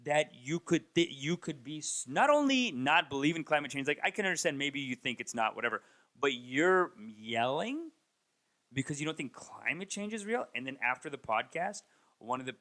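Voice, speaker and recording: A man in his thirties, a comedian, rambling through a casual comedic monologue and mocking people with raised, animated impressions. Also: mid-range voice. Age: 30s. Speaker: comedian and podcast host. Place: Toronto.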